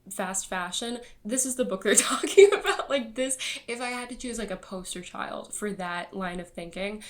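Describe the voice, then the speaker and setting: A young woman talks through a book review in loose, rambling chat. She laughs often and leans on fillers, with a voice of ordinary middle pitch. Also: expressive, normal speed. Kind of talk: casual chat.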